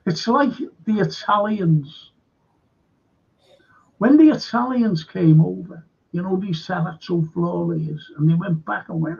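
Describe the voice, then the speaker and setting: A man's voice: high-pitched, a little slow, vocal fry, a little mellow, slightly rough. A man with a Liverpool accent, a local historian telling rambling stories in a casual chat, full of fillers and restarts. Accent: Liverpool (Scouse). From Liverpool, England. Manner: rambling anecdotal storyteller with frequent fillers. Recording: dull lo-fi sound.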